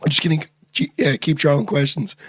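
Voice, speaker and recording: A man's voice: fairly high pitch, steady tone, fairly quick, fairly bright tone, breathy edge, no echo. A man co-hosting a casual chat, upbeat and laughing along. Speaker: podcast co-host.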